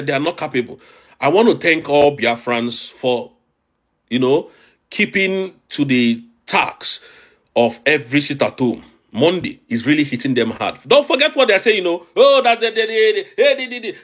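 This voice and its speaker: Nigerian male host, high and lively voice, emphatic and agitated commentary with lots of repetition. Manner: emphatic and agitated, repeating phrases. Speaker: online show host. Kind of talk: impassioned political commentary. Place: abroad, recording a video.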